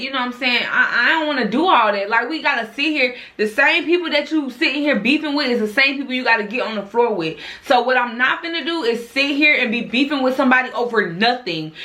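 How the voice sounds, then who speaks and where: A young adult woman vlogger telling a storytime story in casual chat, animated and profane, acting out the dialogue as she goes. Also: a little high.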